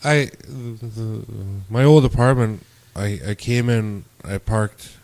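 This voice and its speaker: A man's voice: lowish voice, slow. A man hosting a podcast, chatting casually and telling stories full of swearing and acted-out quotes. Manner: profane, animated storytelling with acted quotes. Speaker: podcast host.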